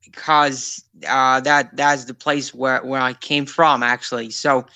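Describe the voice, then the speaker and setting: Young American man, street interviewee, slangy and relaxed, bright tone. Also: medium pitch, unhurried, smooth. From United States. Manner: laid-back, slangy, says bro and man. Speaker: passerby being interviewed.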